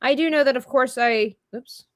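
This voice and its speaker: A woman's voice: high-pitched, moderate pace, dry recording, studio quality. A woman hosting a live drawing stream, chatting playfully and thinking aloud as she works. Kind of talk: casual chat while drawing.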